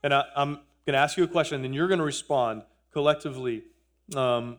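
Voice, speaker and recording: A man's voice: mid-range voice, brisk. A man in his thirties, a pastor, preaching a sermon in church in an earnest way, repeating phrases and joking with the congregation. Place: church sanctuary.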